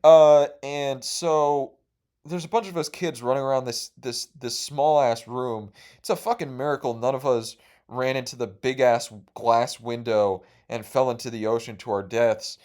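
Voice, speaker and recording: Young male podcast host, rambling profane storyteller, excitable. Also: medium pitch, unhurried.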